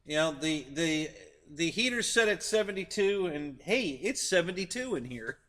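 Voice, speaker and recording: Man, live-stream host, casual chat, bright voice, lively pitch, frequent laughter. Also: moderate pace. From United States. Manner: laughs often, chuckling between remarks. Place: indoors, heated tent.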